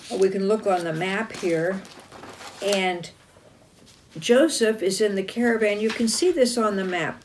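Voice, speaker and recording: A woman leads a children's chapel lesson and acts out a Bible story with a map and figures. She speaks slowly and expressively and corrects herself now and then. A faint hiss sits behind her. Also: lowish voice. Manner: deliberate, expressive, self-correcting. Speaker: chapel teacher.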